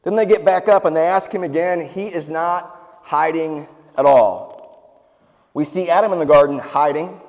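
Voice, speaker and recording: A man's voice: fairly high pitch, unhurried, in a large hall. A man preaching a sermon as pastor, talking casually and animatedly with asides and personal stories. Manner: conversational, animated storytelling with asides. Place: church hall.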